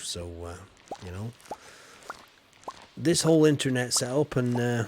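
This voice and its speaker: A man chats loosely while streaming a game, filling his rambling talk with many fillers. The voice is mid-range and a little mellow, and there's slight hiss or hum on the recording.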